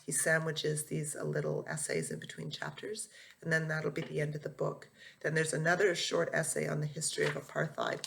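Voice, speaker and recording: A woman teacher reading a memoir aloud to her students in an earnest, unhurried way. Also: sits low, vocal fry, fairly bright tone, a little hiss or hum.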